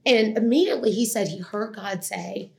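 A woman's voice: mid-range voice, moderate pace, vocal fry, a little mellow. A middle-aged woman tells a personal testimony to an audience in a chatty, rambling, self-deprecating way. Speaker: speaker sharing a personal testimony.

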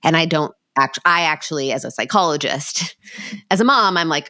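A woman's voice: deep voice, moderate pace, pushed and bright, no echo, clean studio sound. A woman psychologist hosting a podcast, talking through parenting in a reflective, conversational way and voicing parents' inner thoughts.

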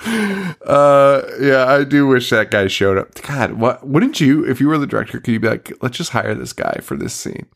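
A man's voice: mid-range voice, brisk, creaky, hardly any pauses. Guy on a horror podcast recapping a movie, laughs a lot, swears, rambles. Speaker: podcast host. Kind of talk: casual movie recap chat.

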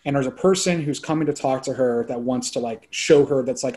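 A man around forty, a filmmaker guest chatting on a podcast, excitable and rambling, full of "like" and casual swearing. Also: mid-range voice, brisk.

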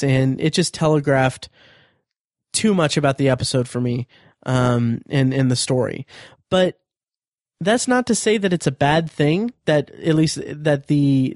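Solo podcast host, male, fairly high voice, dry close sound, rambling and nitpicky. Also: a little mellow, no room sound. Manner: thinking aloud, frequent restarts and "um"s, nitpicky. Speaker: podcast host reviewing a TV episode.

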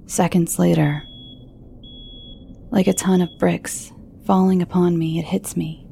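Slow gravelly woman narrating horror. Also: fairly low pitch, level tone, a little hiss or hum. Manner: hushed, often dropping to a whisper.

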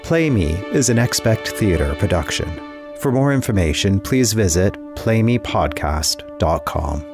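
A man with a Canadian accent reading the closing credits of a podcast in a measured, formal way. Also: lowish voice, animated. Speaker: podcast announcer. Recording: voice over music bed.

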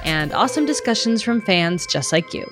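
A woman co-hosting a podcast in casual chat, playful and quick to laugh, talking into a studio microphone. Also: mid-range voice, lively intonation, music in the background. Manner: bubbly, laughs often, playful. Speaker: podcast co-host.

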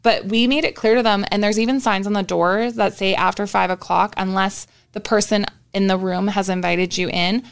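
A woman's voice: mid-range voice, fairly even intonation, moderate pace, gravelly, hardly any pauses, clear, resonant tone. A young woman co-hosting a podcast, telling a story in casual chat with lots of swearing. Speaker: podcast co-host.

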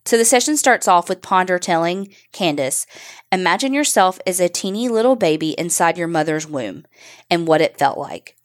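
A woman's voice: on the low side, animated, moderate pace. Blunt, swearing woman telling a true story. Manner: blunt, swearing, reads quotes aloud. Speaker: podcast co-host telling a true crime story. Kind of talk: casual storytelling from a transcript.

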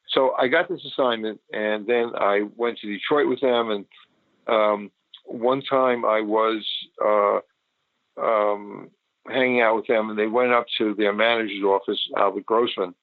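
Over a tinny, dry phone line, an older photographer reminisces about his past in a casual, rambling interview full of restarts and filler words. His voice is fairly low and steady, at a normal speed with no echo.

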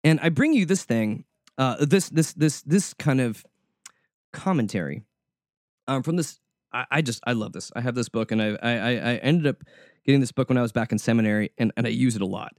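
A man's voice: medium pitch, expressive, fairly quick, no room sound. Man preaching a casual sermon in a dry room. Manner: informal, repeats words while searching for them. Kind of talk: conversational sermon.

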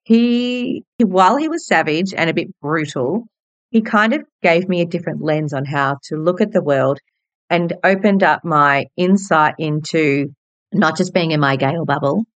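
A woman's voice: sits low, unhurried, dry recording, highs cut off. An Australian woman in her forties, a hairdresser hosting her own podcast, telling personal stories in a bubbly, candid way with casual swearing. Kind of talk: personal storytelling monologue.

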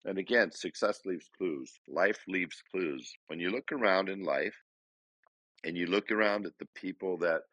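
A man's voice: low voice, a little slow, a bit bright, dry recording. A man co-hosting a podcast, talking earnestly and reflectively, putting rhetorical questions to his listeners. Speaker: podcast co-host. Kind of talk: casual conversation.

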